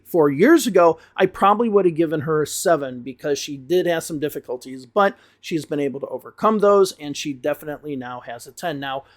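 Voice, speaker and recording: A man with a bright, high speaking voice and a Chicago north side accent. He is an English teacher walking viewers through his scores, leaning on words and drawing them out when he stresses a point. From northern suburbs of Chicago. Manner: talkative, drawn-out emphatic explanations. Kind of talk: video review, explaining to camera.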